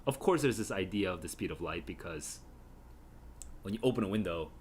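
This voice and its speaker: A man with a low, lively voice talks through his reactions to a play, chatty and musing. He often catches himself and corrects his words mid-thought. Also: fairly quick, a little hiss or hum. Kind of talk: casual reading reaction.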